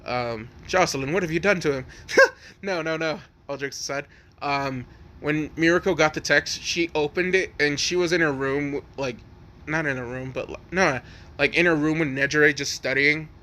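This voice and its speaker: Pitched a little higher than most men, this man has a bright, forceful tone as he rambles through a made-up fan story at a normal speed. His intonation stays fairly even while he swears freely and piles on likes and restarts.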